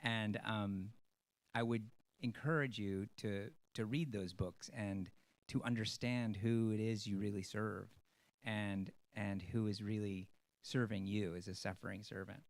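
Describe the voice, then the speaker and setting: Male stage actor, low-ish voice, earnest and rambling, many ums. Talking to an audience. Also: fairly even intonation, measured pace. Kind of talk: personal talk.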